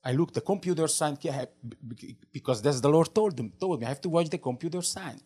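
A man's voice: a little high, animated, brisk, a little mellow. Man with a foreign accent, fervent testimony. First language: not English. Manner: broken English, many restarts and repeats, fervent. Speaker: interview guest sharing testimony. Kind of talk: personal faith testimony.

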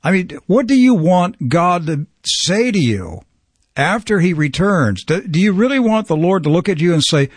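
A man's voice: high voice, sing-song, normal speed, slightly rough, dry recording, studio quality. A man hosting a religious talk program, speaking with fervent, preacher-like urgency. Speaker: program host. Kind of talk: religious talk show conversation.

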